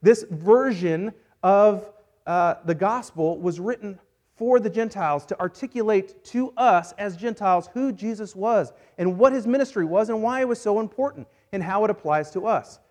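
High-voiced playful male pastor. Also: normal speed. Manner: playful, joking, energetic. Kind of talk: sermon with acted-out Bible story. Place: church service.

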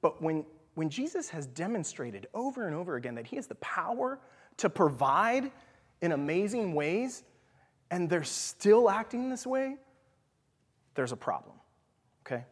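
Animated man teaching in a reverberant hall. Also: sits high, a little slow, slightly rough. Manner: animated, leans on "right?" and "okay?"; drops to a whisper for emphasis. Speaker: Bible study teacher. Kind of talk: conversational sermon teaching.

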